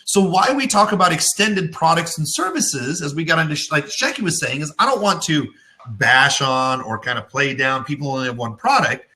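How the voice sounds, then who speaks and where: A middle-aged man hosting a business web show, teaching in a casual way and telling anecdotes with lively acted-out voices. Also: on the high side, normal speed. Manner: animated storytelling, acts out voices in anecdotes.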